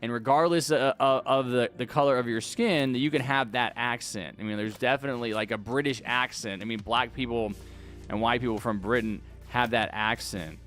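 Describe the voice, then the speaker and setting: A man's voice: mid-range voice, normal speed, fairly bright tone, faint music behind. A young man streaming a game at home, talking casually into a desk mic and arguing back at his chat with rambling restarts. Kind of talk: live-stream chat while gaming.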